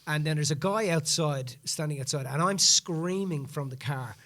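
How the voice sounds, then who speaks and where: A man's voice: on the high side, brisk, hardly any pauses. A man hosting a podcast, telling a story in casual chat and acting out what people said. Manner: animated, acts out quoted speech in the retelling. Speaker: podcast host.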